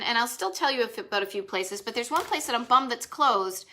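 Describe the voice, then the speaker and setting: A woman's voice: sits high, expressive, fast talker, hardly any pauses, bright, forceful tone. A woman with a Boston accent hosting a live stream, chatting with enthusiasm and rambling asides. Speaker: host of a retro travel live stream. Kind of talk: casual live-stream chat.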